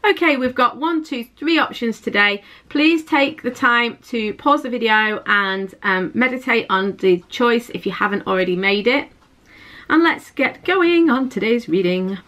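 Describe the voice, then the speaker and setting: A woman talks her viewers through a tarot pick-a-card reading in a chatty, reassuring way. Her voice is bright and crisp and sits a little high. She often repeats herself and restarts her sentences as the thoughts come. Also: lively intonation, unhurried. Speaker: tarot reader. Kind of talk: intuitive tarot reading to camera.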